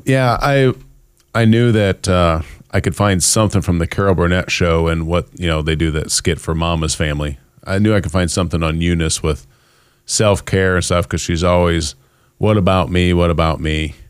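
Deep, smooth-voiced man co-hosting a podcast. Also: no echo, clean studio sound. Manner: loosely retelling a comedy sketch, rambling. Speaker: podcast co-host. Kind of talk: casual chat.

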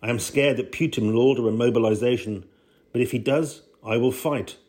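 A man's voice: mid-range voice, brisk, a little mellow, lightly acted. A man reading the words of an impassioned, homesick Russian emigre man in his own plain voice.

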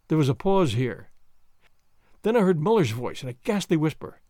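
A man reading a story aloud as narrator, expressive and dramatic. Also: on the high side, moderate pace, pauses often, dry recording, clean studio sound. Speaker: audiobook reader.

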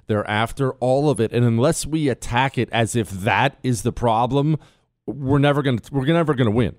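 A man hosting a talk radio show, combative and emphatic, jumping between loud outbursts and low muttered asides. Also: brisk, no echo, clean studio sound. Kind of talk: opinionated talk radio monologue.

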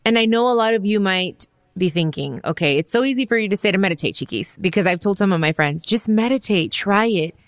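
A woman's voice: medium pitch, expressive, a little fast, hardly any pauses, smooth, no room sound, studio quality. A woman, hosting a podcast and talking casually and candidly about prayer and meditation, full of "like" and little asides. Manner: candid, chatty, peppered with "like". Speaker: podcast host. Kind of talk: casual spiritual talk.

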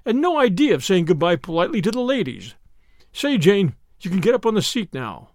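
A man's voice: high-pitched, big pitch swings, fairly quick, no room sound, clean studio sound. A man doing a brash young guy. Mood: breezy. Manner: breezy, drawling slang. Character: brash young American man, cheerful and bold.

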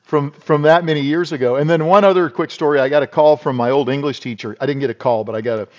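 A man's voice: on the high side, fairly even intonation, fast, a little mellow, highs cut off. A middle-aged man from South Dakota, a podcast guest telling rambling, folksy stories in a casual interview. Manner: rambling, folksy, restarts and repeats words.

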